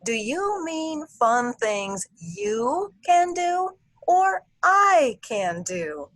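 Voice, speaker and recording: Kind, teasing father from a storybook, read by a woman narrator, slow and clear, dry close sound. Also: sits high, very animated, a bit bright, dry recording, exaggerated voice. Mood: playful.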